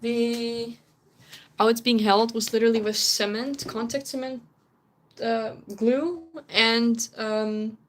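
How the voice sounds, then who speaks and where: A woman's voice: on the high side, little pitch movement, takes it slowly. A young Dutch woman, whose first language is Dutch, chatting casually with viewers on a stream, laughing often and sometimes searching for English words. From Netherlands.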